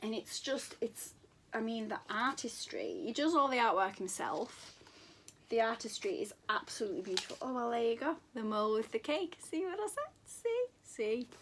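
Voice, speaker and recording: A woman's voice: on the high side, slight background noise. A woman giving casual book recommendations on her vlog, gushing and repeating words for emphasis. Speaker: book vlogger.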